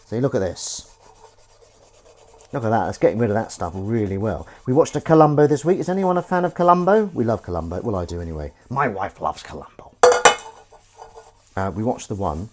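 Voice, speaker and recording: On the low side, expressive and brisk, a man's voice carries a casual live-stream chat. He's washing up in his home kitchen, dishes and pans clinking, as he rambles along with jokey, self-deprecating humor.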